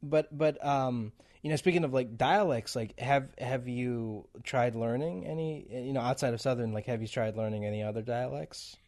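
A man's voice: mid-range voice, moderate pace, few pauses, a little mellow. Chatty man with easy laughs. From a non-English-speaking country. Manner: laughs often, many fillers and restarts. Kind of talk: casual chat.

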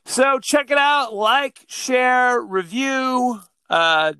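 A man with a high, bright and smooth voice co-hosts a podcast in loose casual chat. He rambles along, filling gaps with "uh" and "um". He is recorded close and dry, with no room sound. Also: lively intonation, extremely slow, no room sound. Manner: rambling, chatty, with frequent fillers. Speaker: podcast co-host.

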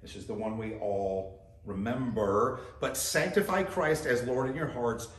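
A man's voice: mid-range voice, a little slow, reverberant. A man preaching a sermon as pastor, talking conversationally and putting direct questions to his listeners.

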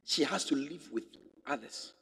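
A man's voice: on the high side, animated, normal speed, creaky, sharp tone, slightly rough. A male pastor preaching a sermon, emphatic and fond of repeating rhetorical questions to his congregation. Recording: echoey hall with long reverb.

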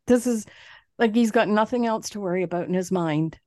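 Woman podcast co-host, lively storyteller who does the other voices, close and dry. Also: medium pitch, moderate pace, no room sound. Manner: animated storyteller, swears, mimics others. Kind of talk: casual chat.

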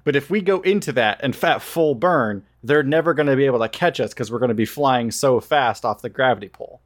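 A man's voice: mid-range voice, fairly quick. A man playing a tabletop game who eagerly lays out his plan at length, checking in with "right?" as he goes. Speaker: player.

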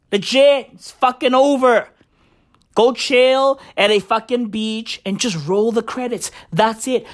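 A woman delivering a comedic podcast rant, rambling and profane, full of slang. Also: fairly high pitch.

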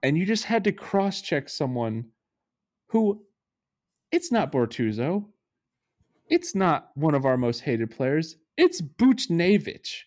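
A man co-hosting a casual sports podcast and working himself into a rant. His voice swings widely in pitch as he gets fired up. He curses freely. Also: takes it slowly. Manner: animated, ranting, swears freely. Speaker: podcast co-host.

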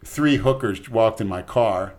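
Middle-aged guy from florida rambling through wild stories, lowish voice, loud bits when he does the cops. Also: unhurried. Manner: rambling, acts out cops' voices loudly. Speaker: podcast regular telling stories. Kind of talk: casual storytelling chat.

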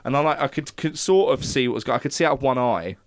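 A man's voice: mid-range voice, lively intonation, quick pace, dry recording. A man, telling sweary, self-deprecating anecdotes in a casual chat.

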